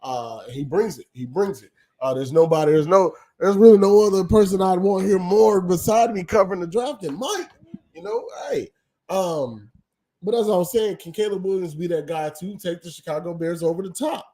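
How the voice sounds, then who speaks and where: A man talks through a livestream with casual, opinionated commentary, often pausing on ums as he thinks aloud. His voice sits a little high yet sounds mellow and dark-toned. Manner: opinionated, rambling, frequent ums. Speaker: livestream host.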